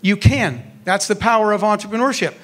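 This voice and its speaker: A middle-aged man giving a motivational keynote talk, an animated storyteller who acts out the dialogue in his anecdotes. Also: high-pitched, a little fast. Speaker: keynote speaker on entrepreneurship.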